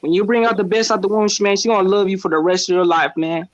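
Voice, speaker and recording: A man's voice: sits high, little pitch movement, racing, no room sound. A man in a casual group audio chat, preachy and constantly checking that listeners follow him. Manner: preachy, keeps asking "you know what I'm saying". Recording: dull lo-fi call audio.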